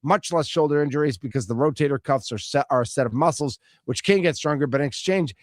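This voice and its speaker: A man's voice: on the high side, fast, no room sound, clean studio sound. A man hosting a sports radio show, reading out listener texts and bantering with his co-host. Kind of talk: casual sports radio chat.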